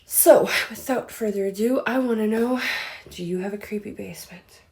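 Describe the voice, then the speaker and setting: Chatty woman with a gravelly voice. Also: mid-range voice, moderate pace, dark tone, slight background noise. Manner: chatty, filler-heavy, laughs easily. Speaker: host of a spooky story channel. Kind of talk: casual rambling chat.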